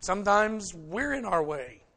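A middle-aged male pastor gives a relaxed, folksy sermon and talks to the congregation as if chatting with friends. His voice sits a little above the usual male pitch. He slips in wry jokes between the points he makes. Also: a little slow. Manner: folksy, joking, speaks to the congregation directly. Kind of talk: conversational sermon.

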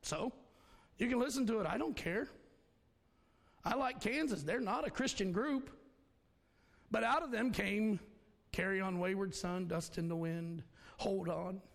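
Gravelly-voiced preacher in a hall. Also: male voice, sits high, a little slow, long pauses. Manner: folksy, preachy, swings between shouting and hushed tones. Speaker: pastor. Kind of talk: sermon. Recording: long hall reverb.

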